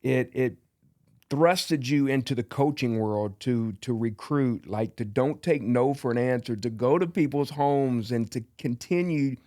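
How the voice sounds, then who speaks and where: A man hosting a faith and sports podcast, asking questions in an admiring way with frequent restarts. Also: medium pitch. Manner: warm, admiring interviewer with halting restarts. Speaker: podcast host. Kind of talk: podcast interview.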